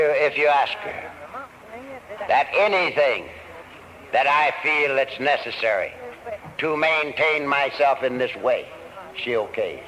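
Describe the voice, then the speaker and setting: Earnest man telling his recovery story. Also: medium pitch. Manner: storytelling, earnest, slow deliberate phrasing. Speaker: AA speaker. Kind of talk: recovery talk to a meeting. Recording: old lo-fi tape recording.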